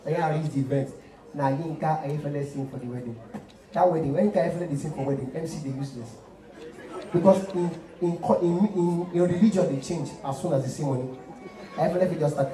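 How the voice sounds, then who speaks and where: A young man doing animated stand-up comedy on a live stage, telling stories loudly in pidgin-tinged English. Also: a little high. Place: live stage before an audience. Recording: roomy live stage, distant mic, crowd.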